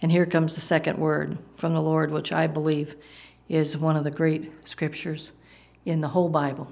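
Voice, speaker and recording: A woman's voice: low-pitched, level tone, moderate pace, creaky, a little mellow. A woman preacher giving a sermon, emphatic, asking the congregation rhetorical questions and explaining the meanings of Greek words.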